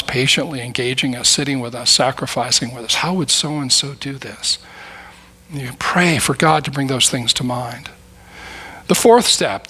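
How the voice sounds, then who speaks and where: Middle-aged male preacher, bright and slightly high voice, earnest, conversational sermon delivery. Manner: earnest, conversational preaching with acted prayers and quotes. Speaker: guest preacher.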